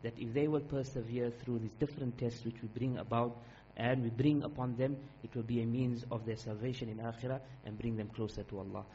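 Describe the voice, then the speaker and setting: A man preaching a sermon in an earnest, emphatic way, repeating key phrases and reciting Arabic verses quickly. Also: medium pitch, steady tone, mellow. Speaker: Islamic preacher. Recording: dull lo-fi recording with faint hum.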